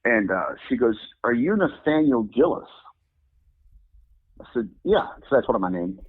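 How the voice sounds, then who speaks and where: A man telling a story in a lively, sing-song way, his pitch leaping whenever he acts out the people in it. His voice is husky. The sound is thin and phone-like. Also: a little slow. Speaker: guest demonologist. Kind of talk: animated storytelling. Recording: phone-like lo-fi audio.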